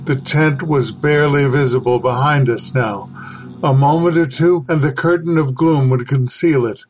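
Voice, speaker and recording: Male horror storyteller, mid-pitched voice, measured, dramatic reading. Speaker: podcast host and reader. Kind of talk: scripted horror story narration.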